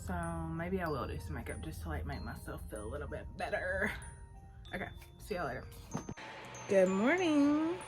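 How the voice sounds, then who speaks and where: A woman's voice: low-pitched, lively intonation, brisk, over music. A young woman, chatting casually to the camera in a rambling way, full of fillers. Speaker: vlogger.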